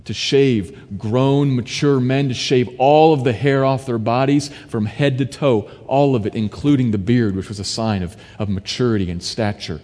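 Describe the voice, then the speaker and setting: A man's voice: lowish voice, dark tone. A man preaching a sermon, explaining scripture verse by verse in a teaching manner. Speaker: pastor. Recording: long hall reverb.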